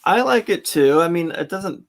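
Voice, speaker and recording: A man co-hosts a relaxed online chat, joking with the others and welcoming viewers. His voice sits a little higher than most men's. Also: moderate pace, creaky. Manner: playful, teasing, greets viewers. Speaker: co-host. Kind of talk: casual video chat.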